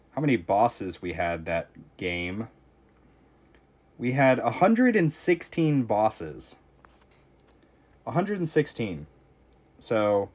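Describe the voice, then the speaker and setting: A young man streaming a tower defense game, casually chatting with his viewers and reacting out loud to close calls. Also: mid-range voice. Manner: reactive, talks to chat while playing, frequent exclamations. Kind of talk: casual live-stream commentary.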